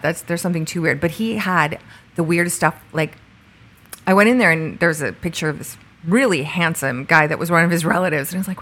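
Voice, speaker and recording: Lively storytelling woman host. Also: on the low side, breathy edge. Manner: animated storyteller, acts out quoted dialogue. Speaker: podcast co-host. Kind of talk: casual interview chat. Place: outdoors in bright sun.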